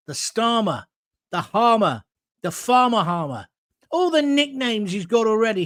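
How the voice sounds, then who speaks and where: Host, combative sarcastic rant, pitch jumping all over. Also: male voice, fairly bright tone. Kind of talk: political opinion rant.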